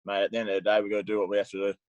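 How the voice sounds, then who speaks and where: A relaxed Australian man in his thirties talks on a video call. His voice sits low and is recorded dry and close. He speaks in an easygoing, reflective way and drops "mate" often. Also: very fast, no room sound, highs cut off. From Queensland, Australia. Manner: laid-back, says mate often, reflective. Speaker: guest rugby player. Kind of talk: casual video call chat.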